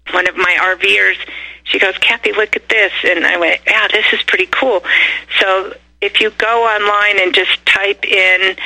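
An older woman, a radio guest, telling a story in a casual, animated way and acting out the lines of the people in it. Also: mid-range voice, poor audio. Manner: animated, acts out quoted dialogue.

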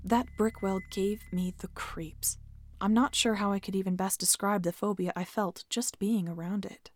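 A woman hosting a podcast, reading a scripted horror story in a steady, measured way. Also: mid-range voice, no echo. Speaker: podcast host and narrator.

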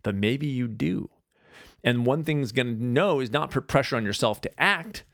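A man hosting his own podcast, talking casually and rambling through animated asides. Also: medium pitch, moderate pace, dry recording, clean studio sound. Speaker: podcast host. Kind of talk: casual solo podcast monologue.

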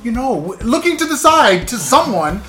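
Guy cohosting a podcast, riffs and jokes around, soft music in the back. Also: very high-pitched, very animated, moderate pace. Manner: joking, riffing, acts out quotes. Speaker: podcast co-host. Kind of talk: casual comedic chat.

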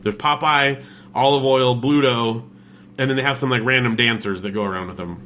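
A man from California chats casually, with a clear, bright tone to his voice. He tells stories enthusiastically and rambles through lots of filler words. A faint hiss sits under the recording. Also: mid-range voice, a little fast. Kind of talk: casual chat.

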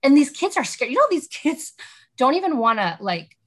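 A woman talking casually as a podcast guest, animated and rambling with lots of "like"s. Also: high-pitched, normal speed. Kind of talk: casual chat.

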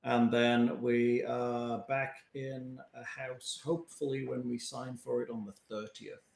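A man's voice: medium pitch, level tone, unhurried, gravelly, darkish tone, reverberant. A man chatting casually on a video call with dry, wry asides.

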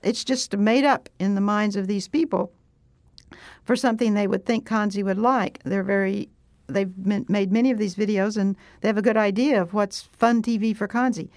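A woman scientist telling a story in conversation, animated and laughing now and then as she goes. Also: medium pitch, normal speed, no echo.

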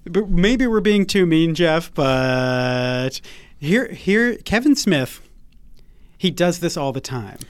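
A man co-hosting a podcast in casual chat, animated and quick to laugh. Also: on the high side, clear, resonant tone, no room sound. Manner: animated, quick to laugh, reads quotes in a put-on voice. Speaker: podcast co-host.

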